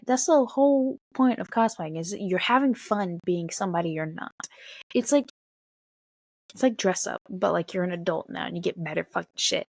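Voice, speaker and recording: A young woman and mother talking bluntly to camera in a casual vlog, swearing often and getting animated. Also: mid-range voice, normal speed, no room sound. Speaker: mother of a toddler.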